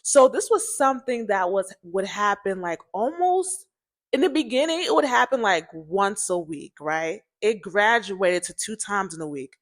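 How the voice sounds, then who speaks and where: A woman casually telling a personal story to her viewers, chatty and animated, often turning to address them directly. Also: medium pitch, unhurried. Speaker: storytime vlogger.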